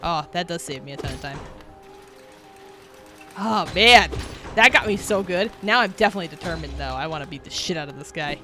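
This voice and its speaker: A young adult woman streamer talking through a video game, expressive, laughing and yelling at the game. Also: on the low side, a little fast, long pauses. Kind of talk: gaming commentary. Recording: game music behind the voice.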